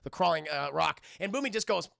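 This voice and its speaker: Excitable, gravelly-voiced male streamer. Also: high-pitched, fast talker, no echo, studio quality. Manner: excitable, profane, addresses chat, frequent restarts. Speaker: streamer recapping a cartoon episode. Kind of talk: casual live-stream recap.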